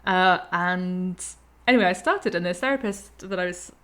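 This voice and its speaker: A woman in her thirties hosting a conversation, thoughtful and quick to laugh. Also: on the low side, fairly bright tone. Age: 30s. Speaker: podcast host. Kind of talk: reflective conversation.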